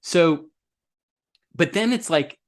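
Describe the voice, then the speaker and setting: A man's voice: a little high, animated, takes it slowly. A man co-hosting a podcast, chatting casually about a film in a rambling way with lots of restarts. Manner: rambling, many fillers and restarts. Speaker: podcast co-host.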